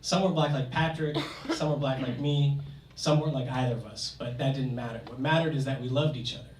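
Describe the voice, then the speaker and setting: A young man telling a comic personal story on stage to a live audience, in an animated, conversational way. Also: mid-range voice, a little fast, distant mic. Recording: echoey hall, mic from afar, audience noise.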